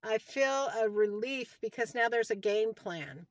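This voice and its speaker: A woman's voice: on the high side, animated, a little slow, dry recording, studio quality. Heartfelt devout woman in her sixties. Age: 60s. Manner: heartfelt and rambling, often repeating herself; openly devout, praising God between thoughts. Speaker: vlogger giving a personal health update. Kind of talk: casual talk to camera. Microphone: phone.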